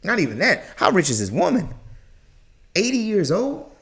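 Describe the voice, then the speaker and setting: A man's voice: high voice, normal speed. A man giving live reaction commentary, exclaiming and offering advice. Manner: animated, exclaiming, preachy asides. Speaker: reaction streamer.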